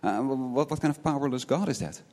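Speaking fast in a darkish, medium-pitched voice, a man delivers an earnest sermon. He restarts by repeating words and finishes his points with rhetorical questions such as "right?" The recording carries a long hall reverb.

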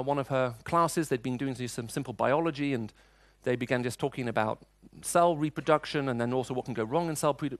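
A middle-aged man with a medium-pitched voice preaches a sermon, sharing personal stories in a conversational, storytelling way. He restarts often, and the recording is dry.

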